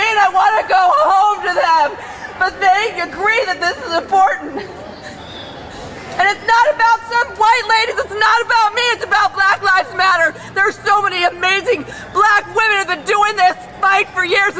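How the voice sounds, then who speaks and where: A woman protester giving an emotional, shouted street speech outdoors. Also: very high-pitched, low-quality recording. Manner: shouting, emotional, tearful laughter. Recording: crowd and street noise. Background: crowd noise.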